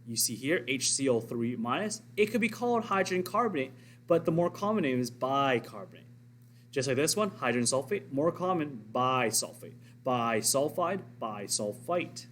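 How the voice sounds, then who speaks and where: A man's voice: mid-range voice, fairly bright tone, a little hiss or hum. A man teaching a recorded science lesson, explaining step by step and asking and answering his own questions.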